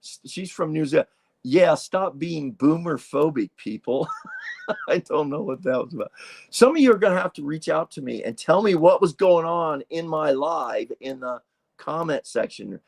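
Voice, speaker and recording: A man's voice: on the high side, lively intonation, normal speed, creaky, dry recording. A man in his sixties hosting a casual live stream, chatting in a rambling way as he reacts to viewer comments. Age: 60s. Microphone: streaming setup mic.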